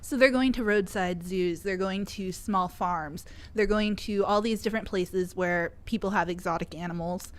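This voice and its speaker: A woman's voice: medium pitch, normal speed. A woman speaking as a guest on a podcast panel, earnest and heated, with filler words. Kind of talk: casual panel talk.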